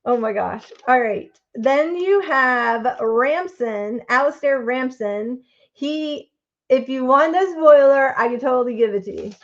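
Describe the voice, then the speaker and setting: Woman, live stream host, casual rambling chat, slightly high voice, dull lo-fi sound. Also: lively intonation, measured pace. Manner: chatty, rambling, reads out chat votes.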